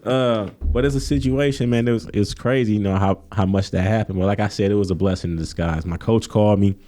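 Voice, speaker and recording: A man with a fairly low, dark and mellow voice tells stories in a relaxed interview. He acts out the people in his stories, jumping higher and louder for their lines. Easygoing and animated. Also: fast. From Kenosha, Wisconsin. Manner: animated storytelling, acts out quotes in a raised voice. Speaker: guest, college coach. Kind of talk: casual storytelling interview.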